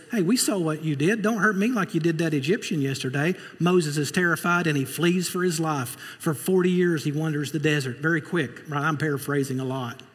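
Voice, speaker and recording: A man's voice: on the high side, husky. A man preaching a sermon in a church, with a conversational manner, joking asides and many fillers. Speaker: pastor. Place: church sanctuary. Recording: long reverb of a large room.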